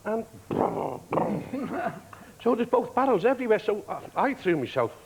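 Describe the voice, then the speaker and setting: A man sits as a TV studio guest and tells anecdotes with a raconteur's timing. His voice sits a little high and bounces all over the place. He laughs easily and slips into other people's voices. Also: unhurried, vocal fry, slight background noise, low-quality recording. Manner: lively raconteur, laughs often, acts out quoted voices. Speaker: talk show guest, actor. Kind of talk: anecdotal storytelling.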